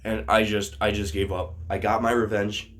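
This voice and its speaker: A man telling a story on his vlog in a casual, animated way, swearing freely and often restarting his sentences. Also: lowish voice, moderate pace.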